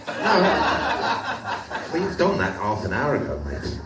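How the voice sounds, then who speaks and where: A middle-aged male comedian works a pub crowd in a flat, deadpan manner. His one-liners ramble and trail off into mumbles, though his pitch still jumps about a good deal. He is taped from far back in an echoey room, with audience noise clearly heard. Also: measured pace. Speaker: stand-up comedian. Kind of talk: live stand-up set. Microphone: audience recording from the room, far from the stage. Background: laughing audience, church organ music.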